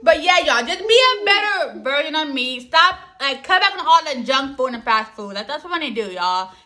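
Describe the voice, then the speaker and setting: A young woman vlogging about her New Year goals in a chatty, animated way, full of slang and asides to her viewers. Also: extremely high pitch. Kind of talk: casual chat to camera.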